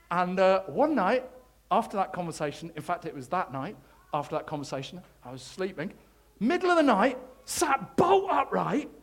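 A man preaching a sermon, telling his own faith story in an animated, self-deprecating way. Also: high voice, husky. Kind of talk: sermon testimony.

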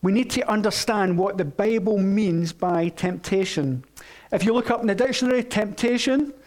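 A man's voice: high voice, moderate pace, darkish tone. A man pastor delivering a sermon in a conversational way, hesitating with fillers and putting questions to the congregation.

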